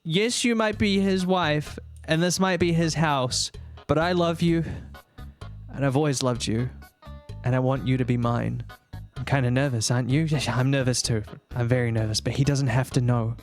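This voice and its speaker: A man voicing a smooth-talking young farmer who is wooing a married woman, in a deep, crooning, romantic voice. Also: unhurried, faint music behind.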